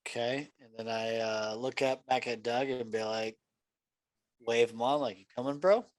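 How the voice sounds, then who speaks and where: A man's voice: mid-range voice, flat delivery, measured pace, dry recording. A young man playing in a tabletop game, talking casually and full of "like" and restarts. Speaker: player.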